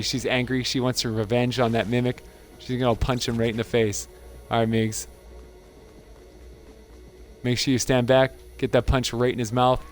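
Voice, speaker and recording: A man's voice: medium pitch, flat delivery, normal speed, faint music behind. Chuckling man commentating gameplay. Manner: amused, laughs often, chatty. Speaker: gaming channel host.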